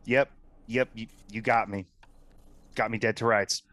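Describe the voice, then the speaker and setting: A man's voice: on the low side, fairly even intonation, measured pace, a bit bright. A man voicing a flustered male monster-hunter who makes rambling excuses to a policeman in a tabletop role-play.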